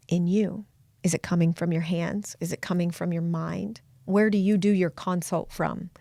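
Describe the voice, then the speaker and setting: A woman's voice: fairly low pitch, fairly even intonation, moderate pace, creaky, mellow, no room sound, studio quality. A woman chiropractor hosting a podcast, delivering an emphatic, preachy motivational talk full of repeated commands.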